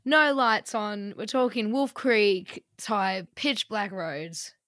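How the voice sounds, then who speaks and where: A young woman hosts a casual podcast, playful and quick to joke. Her voice sits in an ordinary middle pitch, recorded close and dry. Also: fairly bright tone, no echo. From Australia. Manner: chatty and playful. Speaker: podcast host.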